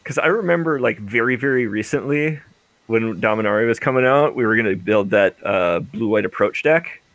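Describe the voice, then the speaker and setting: Rambling low-voiced male podcast host. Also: lively intonation, fairly quick, a bit bright, dry recording. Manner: rambling, laughs often, restarts sentences. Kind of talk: casual chat.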